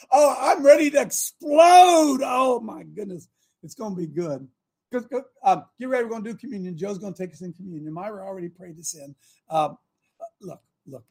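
High, husky man hosting loudly. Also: a little fast. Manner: animated, loud bursts, repeats himself. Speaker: host. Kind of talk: casual opinionated show talk.

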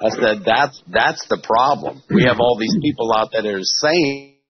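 A man's voice: mid-range voice, normal speed, slightly rough. A male pastor talking on a studio show, earnestly recounting what he preached. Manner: earnest, recounts his own sermon. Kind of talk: casual studio talk. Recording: dull lo-fi sound.

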